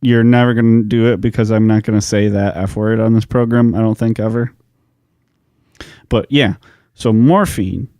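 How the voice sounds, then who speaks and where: A man co-hosting a casual history podcast, telling the story in a relaxed, profane, joking way. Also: lowish voice, normal speed, dry recording, clean studio sound. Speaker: podcast co-host.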